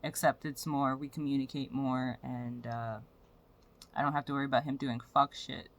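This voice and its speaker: A woman's voice: very deep voice, level tone, moderate pace. A young woman vlogging in a frank, profane, rambling way about her personal life. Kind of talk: candid personal vlog rant.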